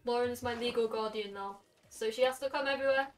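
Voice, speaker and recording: A late-teen woman with a Welsh accent, chatting casually with her stream chat. Her voice sits a bit high, and she fires off quick asides. She sounds a little far from the mic, with faint music underneath. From Wales. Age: late teens. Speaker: game streamer. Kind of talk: casual live-stream chat while gaming.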